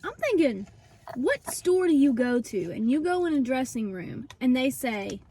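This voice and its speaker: High-voiced indignant woman in her twenties. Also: big pitch swings, normal speed, dark tone, husky. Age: 20s. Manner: indignant, retelling with quoted dialogue. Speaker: vlog host. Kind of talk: casual storytelling.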